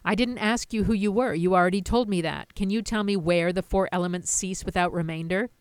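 A woman's voice: medium pitch, fairly quick, clear, resonant tone, no echo, lightly acted. A woman voicing a persistent male monk who asks his question bluntly. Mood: insistent. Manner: polite then impatient.

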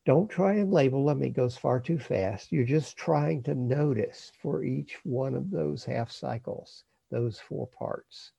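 A man calmly teaching breath meditation, speaking in a slow, measured way that trails off softly at the ends of phrases. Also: medium pitch, gravelly, slightly rough, no echo, lo-fi sound. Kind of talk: guided meditation instruction.

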